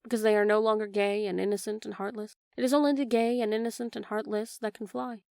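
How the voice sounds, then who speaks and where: A woman voicing a grown mother, soft and tender, in a storybook reading. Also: mid-range voice, steady tone, fast talker, gravelly, dry recording, clean studio sound, lightly acted. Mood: wistful.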